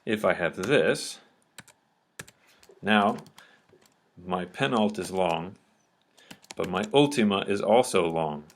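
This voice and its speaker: Patient male teacher, lowish voice. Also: animated, takes it slowly, long pauses, slight background noise. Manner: patient, checks understanding often with "okay?". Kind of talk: explanatory lecture at a board.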